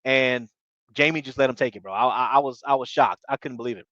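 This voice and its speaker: A man recapping a reality show in casual commentary, talking excitably in slang and tripping over his words. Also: medium pitch, fast talker, no echo, dull audio. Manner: excitable, slangy, repeats bro, stumbles.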